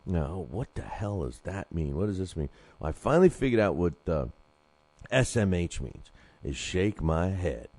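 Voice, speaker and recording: A man's voice: deep voice, big pitch swings, moderate pace, darkish tone, no room sound. A man hosting a boxing talk show, rambling casually with lots of fillers and restarts.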